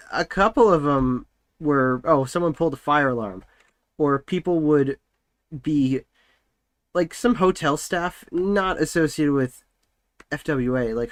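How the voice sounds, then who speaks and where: A man's voice: mid-range voice, no room sound. A young man streaming from home, chatting casually and rambling with lots of filler words while he works.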